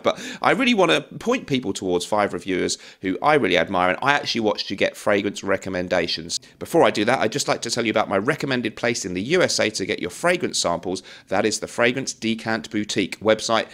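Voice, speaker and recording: Man in his 40s, low-pitched, talks casually and rambles with self-deprecating asides in a video review. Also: vocal fry, a bit bright. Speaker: fragrance YouTuber.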